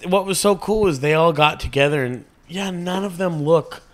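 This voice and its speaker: A man's voice: fairly high pitch, moderate pace. A man co-hosting a casual podcast, telling a loose story with fillers and swearing. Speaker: podcast co-host. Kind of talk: casual profane podcast banter.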